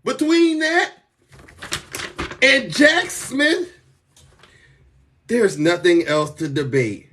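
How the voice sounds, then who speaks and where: Boastful, high-voiced male live streamer. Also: animated, drawn-out words, pauses often, far from the mic. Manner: boastful, theatrical, rising to shouts. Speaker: political commentary streamer. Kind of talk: live-stream political commentary.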